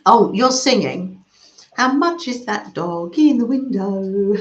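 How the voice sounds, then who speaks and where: Livestream host: woman, higher voice, unhurried and cooing, recorded a little dull in an echoey room. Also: big pitch swings. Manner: gentle, chatty, cooing and murmuring. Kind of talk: casual chat reading live comments.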